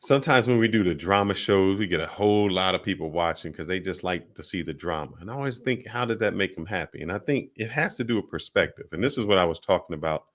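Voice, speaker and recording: A man hosting an interview, asking questions with lively emphasis. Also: low voice, fast, few pauses. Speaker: host. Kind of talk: casual interview talk.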